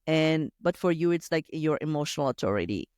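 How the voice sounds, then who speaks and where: A man hosting a podcast interview, talking quickly and acting out little asides in a casual chat. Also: on the high side, smooth, dry recording, studio quality. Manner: quick, lively talk with acted-out asides. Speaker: podcast host.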